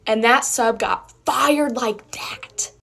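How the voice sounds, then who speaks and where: A woman's voice: a little high, slow, creaky, bright, forceful tone. A woman telling a school story in a chatty, slangy way. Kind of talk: casual storytime.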